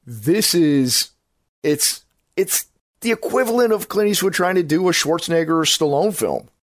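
This podcast episode features a man's slightly high, animated voice at normal speed, recorded dry in studio quality. He's casually reviewing films with enthusiasm. He rambles, circles back, and corrects himself along the way.

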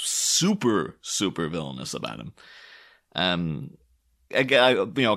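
A man talking casually and at length about film villains, rambling with many fillers and restarts and breaking into animated quoted voices. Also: fairly low pitch. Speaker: film commentator. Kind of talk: casual film analysis talk.

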